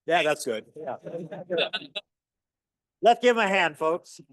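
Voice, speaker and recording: A middle-aged man lecturing university physics, telling stories with lively, acted-out dialogue. His voice sits a little high for a man. The sound is dry and close with no room echo, as if from a lapel mic. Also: slow pace. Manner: animated storyteller, acts out dialogue with rising pitch. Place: lecture hall.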